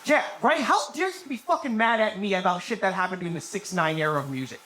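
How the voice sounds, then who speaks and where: Young male stand-up comic, high and bouncy voice, swears a lot, cracks himself up, noisy live room. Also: lively intonation, fairly quick. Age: 20s. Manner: profane, rambling, laughs at own jokes. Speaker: stand-up comedian. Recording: noisy live venue recording.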